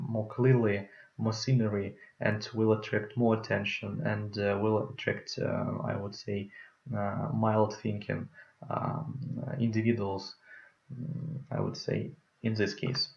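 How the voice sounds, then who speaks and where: A man's voice: lowish voice, flat delivery, takes it slowly, creaky. A young man with a Russian accent giving a hesitant conference talk on public speaking, with many fillers. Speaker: student presenter. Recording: roomy, muffled lo-fi sound.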